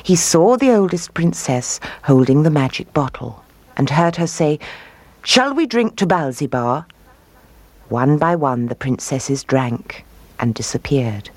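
Husky low-voiced woman reading a fairy tale. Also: no room sound. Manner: expressive, lilting storybook delivery. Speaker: storyteller.

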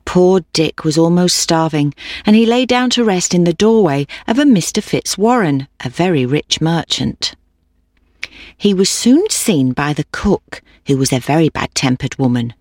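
A woman reading a children's fairy tale aloud in a clear, steady storybook manner. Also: sits low, normal speed, dry recording, clean studio sound.

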